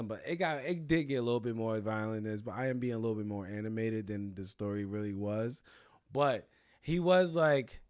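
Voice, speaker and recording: A man's voice: fairly low pitch, fairly quick, no room sound, studio quality. A young man hosting a podcast, telling a crude, comedic story with lots of swearing and bragging. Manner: animated, profane, crude bragging humor. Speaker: podcast host.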